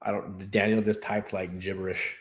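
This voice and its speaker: A man's voice: fairly low pitch, level tone, normal speed. A man casually chatting on his livestream, rambling and laughing as he tells stories. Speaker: streamer and host. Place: new home in Texas.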